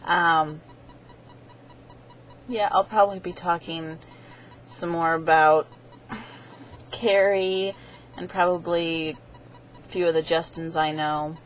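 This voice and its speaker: A young woman with a low voice tells a rambling, chatty story straight to her webcam. She slips into little voices for the people she quotes, and the sound is dull and lo-fi with a faint hiss underneath. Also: steady tone, slow pace, long pauses. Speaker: vlogger.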